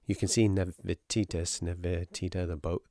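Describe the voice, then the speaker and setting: He has a deep voice, speaks at a normal speed, and the recording has no echo. Chatting with friends as a book club member, he casually retells and discusses a novel in a rambling, animated way full of filler words.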